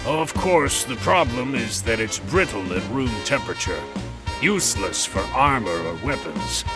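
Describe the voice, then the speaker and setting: An actor voicing a shrewd, talkative male arms shopkeeper in a video game, with a salesy, explaining manner. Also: mid-range voice. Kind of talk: game voice acting. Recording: game audio with music behind.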